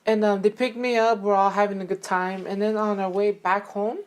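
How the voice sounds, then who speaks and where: A young woman co-hosting a podcast tells a story in a casual chat, her medium-pitched voice brisk and fairly flat. She rambles with many fillers and laughs now and then.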